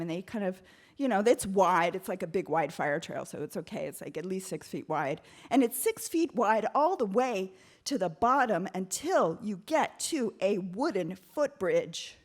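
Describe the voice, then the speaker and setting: A woman from Oakland telling a candid, comic story live on stage, getting animated as she goes. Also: mid-range voice. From Oakland, United States.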